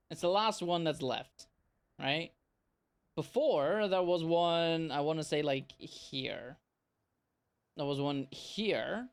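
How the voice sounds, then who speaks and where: A streamer giving casual gameplay commentary, playful and teasing the enemies, now and then breaking into silly yells. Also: medium pitch, slow pace, vocal fry. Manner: playful, trash-talks enemies, bursts into silly yelling.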